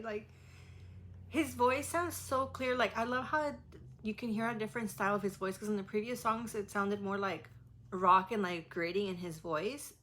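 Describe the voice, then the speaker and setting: A woman's voice: medium pitch, fairly even intonation, normal speed, a bit bright, a little hiss or hum. A woman giving a casual music reaction, gushing and rambling with many fillers. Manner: gushing, rambling, heavy use of "like". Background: faint song playing.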